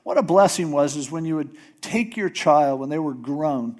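A man preaching a sermon, retelling a story in a casual, animated way. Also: on the high side, moderate pace. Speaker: pastor.

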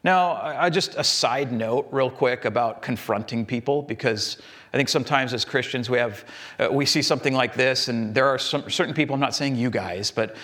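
A man's voice: medium pitch, normal speed, fairly bright tone. A man preaching a sermon in a conversational way, acting out the people he quotes with jumps in his voice.

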